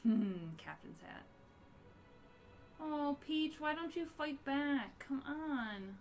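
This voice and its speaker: A woman giving excitable live commentary as she streams a video game, gasping and yelping at what happens on screen. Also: sits high, takes it slowly.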